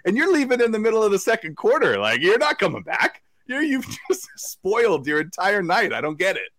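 An excitable man chatting on a sports podcast, his fairly high voice bouncing all over with bright, sharp edges. He tells stories in a quick, animated way. The sound is close and dry. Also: no echo. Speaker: podcast co-host. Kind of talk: casual sports chat.

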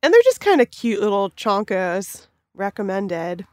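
A woman chatting as a guest on a comedy podcast, her voice sitting at an everyday middle pitch. She talks in quick, amused asides. The sound is dry and close. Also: sing-song, no room sound. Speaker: guest writer. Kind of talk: casual podcast chat.

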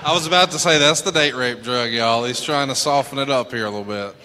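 A man's voice: mid-range voice, quick pace, pushed and bright, big-room sound, a little hiss or hum. A man hosting a casual chat, teasing and mocking his guest.

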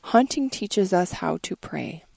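A woman giving a measured, earnest scripted reading. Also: fairly low pitch, animated, vocal fry, mellow, no echo.

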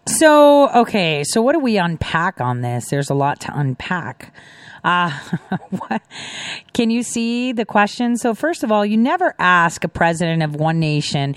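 A woman's voice: on the low side, sing-song, unhurried, smooth, no room sound, studio quality. A middle-aged woman hosting casual commentary, telling chatty stories with laughing asides. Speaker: host.

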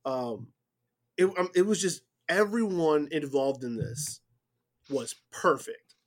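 A man chatting casually on a wrestling podcast, retelling a match blow by blow in an animated way. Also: a little high, takes it slowly.

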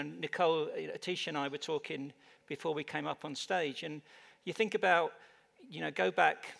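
A man's voice: on the high side, creaky, fairly bright tone. A man with an English accent, speaking on a conference panel, hesitant with many fillers and restarts. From United Kingdom. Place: conference stage. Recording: reverberant hall on stage mic.

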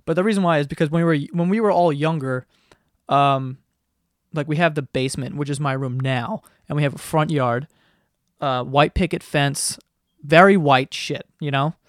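A man in his twenties hosts a solo podcast in his basement bedroom, rambling along with casual swearing and self-deprecating humor. His pitch is fairly high and his speed normal. On the podcast microphone the audio is studio quality, with no echo.

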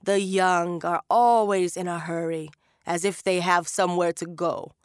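A wise old market woman with a secret gift, speaking in a knowing, gently chiding way, as a woman narrator puts her on. Her lines come slow and a little gravelly, with a close, dry sound. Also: lowish voice, dry recording.

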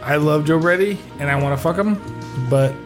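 A man's voice: a little high, fairly quick, soft background music. Profane, playful man podcast guest. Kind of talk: casual podcast banter.

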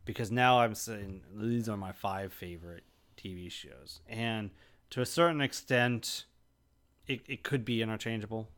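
A man's voice: lowish voice, unhurried, a bit bright. A man co-hosting a podcast, talking casually and thinking aloud. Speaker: podcast co-host. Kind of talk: casual chat.

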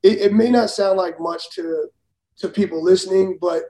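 Brief: ex-pitcher guest, man, higher voice but mellow tone, blunt and laughing, roomy sound. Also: steady tone, normal speed. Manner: blunt, profane, laughs while telling stories. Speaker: former major league pitcher, guest. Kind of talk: casual storytelling.

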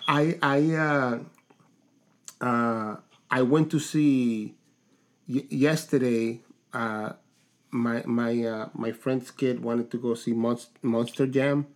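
Halting, easygoing podcast co-host man. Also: mid-range voice, steady tone. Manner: halting, many restarts and fillers, storytelling. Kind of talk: casual chat.

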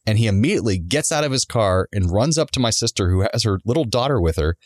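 A man on a podcast casually telling a long personal story, animated, acting out the people he quotes. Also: lowish voice, fast, no echo, studio quality. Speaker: podcast co-host.

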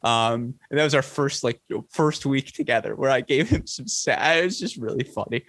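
A man hosts a late-night podcast in loose, animated chat, laughing as he tells stories. His voice sits mid-pitch and is recorded close and dry over a remote call. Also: normal speed, no room sound. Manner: animated storytelling, laughs often. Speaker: podcast host.

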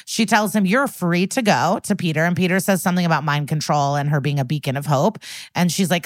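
A woman co-hosting a podcast, casually recapping an episode and acting out the characters' lines with animated swings in voice. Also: deep voice, fairly quick, no room sound. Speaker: podcast co-host.

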